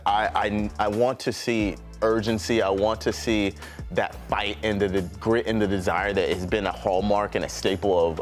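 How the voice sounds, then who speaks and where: A man analyzing soccer on a panel show, emphatic and repeating himself as he builds his points. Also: lowish voice. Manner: emphatic, repeats words and restarts often. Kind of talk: sports panel discussion.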